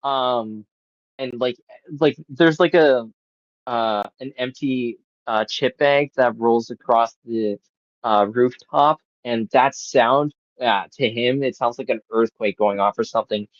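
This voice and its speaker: A man's voice: mid-range voice, slow pace, dry recording, dull audio. A man hosting a podcast, reviewing a movie in casual chat, rambling with lots of fillers and swearing. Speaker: podcast host.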